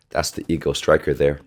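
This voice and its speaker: A man's voice: rumbling low, gravelly. A man, a volleyball coach, chatting casually through an anime reaction and pointing out small animation details, on a desktop microphone. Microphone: desktop USB microphone.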